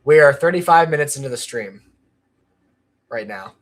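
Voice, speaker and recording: Man hosting a casual livestream, rambling, average pitch, lots of restarts. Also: animated, normal speed. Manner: rambling, full of ums and restarts. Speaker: channel creator.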